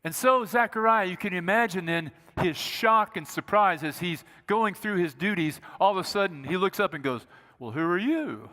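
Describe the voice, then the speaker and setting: A man's voice: high voice, moderate pace, few pauses, sharp tone, long reverb tail. A male pastor preaching a sermon in a conversational, humorous storytelling manner in a church sanctuary.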